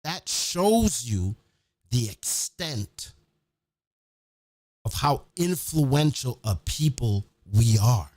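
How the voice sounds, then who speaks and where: A man hosting a podcast, telling stories in a casual, profane, animated way. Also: medium pitch, drawn-out words, long pauses, no room sound, studio quality. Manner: profane, animated, acts out quotes. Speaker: podcast host. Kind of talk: casual storytelling.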